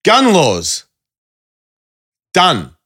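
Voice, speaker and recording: Animated, profane man telling stories. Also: extremely slow. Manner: profane, animated, jumps high when quoting people. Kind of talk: casual storytelling chat.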